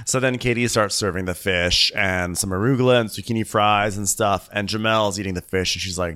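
A man co-hosting a podcast, recapping a reality show in casual chat and jumping into high mock voices to imitate the people on it. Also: fairly even intonation, brisk, few pauses, bright, forceful tone. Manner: jokey, mimics people in high falsetto voices. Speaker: podcast co-host.

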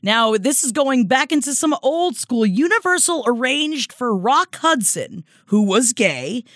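A woman's voice: high-pitched, sing-song, a little slow, a bit bright, no echo, studio quality. A woman co-hosting a casual gossip podcast, reading out showbiz trivia in a chatty way. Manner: chatty, reads out trivia items. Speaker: podcast co-host.

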